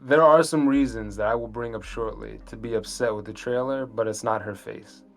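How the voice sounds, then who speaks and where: A man's voice: lowish voice, fairly even intonation, moderate pace, creaky. A man co-hosting a casual podcast, talking in a laid-back, offhand way. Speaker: podcast co-host. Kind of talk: casual chat.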